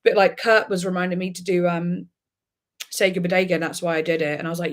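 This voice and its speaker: A woman's voice: on the low side, level tone, fast. A woman hosting a casual live chat with viewers, talking in a chatty, giggly way with lots of fillers and restarts. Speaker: livestream host reacting to music.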